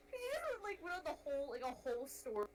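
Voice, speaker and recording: A woman co-hosting a casual podcast chat, giggly and quick to exclaim. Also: high-pitched, heavy background noise. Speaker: podcast co-host.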